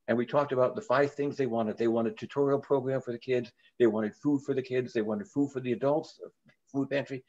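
An older man, a reverend, telling a story in an interview in an earnest way, with frequent halting restarts. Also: mid-range voice, steady tone, a little mellow, dull audio.

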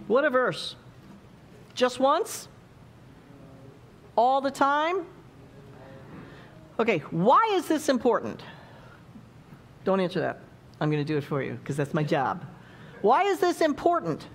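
Lively, slow-talking woman preacher. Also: a little high, slight background noise. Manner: playful, chatty preaching with acted-out quotes. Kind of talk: sermon. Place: church.

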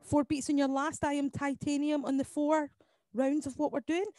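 A woman leading an online choir lesson, explaining each part and counting beats aloud between quick sung demonstrations. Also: high-pitched, flat delivery. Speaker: choir leader. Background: piano accompaniment.

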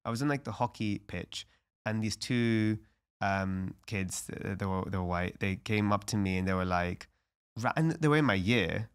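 A man's voice: on the low side, moderate pace, clean tone. A young adult man, a podcast guest talking earnestly and reflectively in casual conversation, with lots of "like" fillers.

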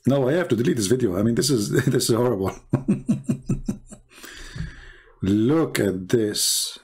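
A man giving sarcastic reaction commentary on videos, mocking and chuckling, in broken English, his voice going hoarse. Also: mid-range voice, animated, a little slow, darkish tone. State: losing his voice.

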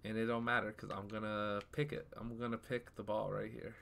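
A young man giving casual live commentary over his football video game, easily frustrated and trash-talking, breaking into sudden shouts. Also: lowish voice, little pitch movement, a little fast, gravelly, slight background noise. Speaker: gaming YouTuber.

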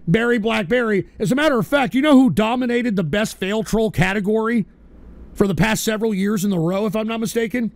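A man hosting an online show, running an awards segment in a profane, animated rant. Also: sits high, fairly quick.

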